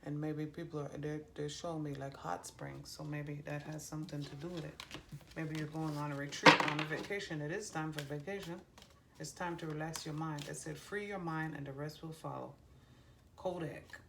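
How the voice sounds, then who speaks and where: A woman doing a psychic card reading for viewers, pausing often with ums and restarts as she relays messages she hears. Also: low-pitched, steady tone, creaky. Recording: faint background noise.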